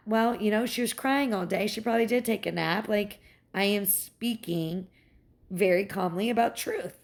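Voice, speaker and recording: A young woman, a mother, in a heated and profane personal rant, sarcastic and quick to mock others. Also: mid-range voice. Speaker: mother venting about her ex's family.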